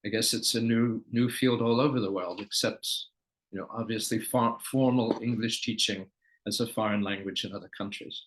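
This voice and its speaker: A man hosts the conversation as the interviewer. His voice is fairly low. He chips in with brief reactions and then asks clarifying questions. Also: steady tone, moderate pace, a bit bright, slight background noise, poor audio. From United States. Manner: short interjections and follow-up questions.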